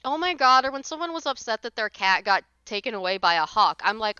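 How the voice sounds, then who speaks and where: Bright, crisp-voiced woman ranting. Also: fairly high pitch, big pitch swings, a little fast, no echo, highs cut off. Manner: exasperated ranting, blunt, swears. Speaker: livestreamer. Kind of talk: casual chat while gaming.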